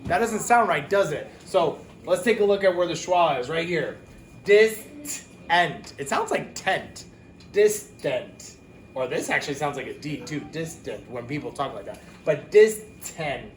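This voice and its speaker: A man teaching a phonics lesson to young children, talking casually, with quick asides and self-corrections. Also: fairly high pitch, expressive, slight background noise.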